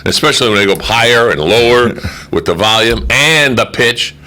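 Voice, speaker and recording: Bright, animated joking radio host man. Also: medium pitch, normal speed. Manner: joking, rambling, puts on comic voices. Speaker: radio call-in show host. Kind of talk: casual radio chat.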